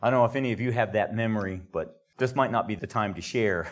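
A man leading a conversational Bible study, explaining verses in a relaxed way with chatty asides. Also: lowish voice, quick pace.

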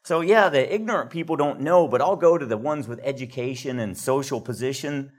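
A man leading a conversational Bible study, explaining verses in a relaxed way with chatty asides. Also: mid-range voice, brisk.

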